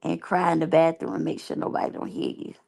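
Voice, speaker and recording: A woman's voice: sits low, fairly even intonation, fast talker, gravelly, dark tone. A woman giving candid, rambling, slangy commentary as a reality TV reviewer. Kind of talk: casual unscripted commentary.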